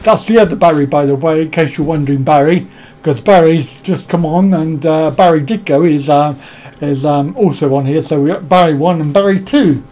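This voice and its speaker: A man's voice: on the high side, moderate pace, background noise. A man hosting a casual live stream, rambling and joking as he greets viewers by name and answers their comments.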